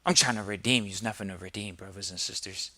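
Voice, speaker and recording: Forceful, emphatic male podcast host. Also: lowish voice, quick pace, no room sound. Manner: emphatic, fires rhetorical questions. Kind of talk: preachy podcast monologue.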